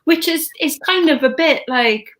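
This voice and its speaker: A woman's voice: high voice, a little slow, fairly bright tone. A woman hosting a casual live stream, chatty and blunt, swearing freely. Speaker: channel host.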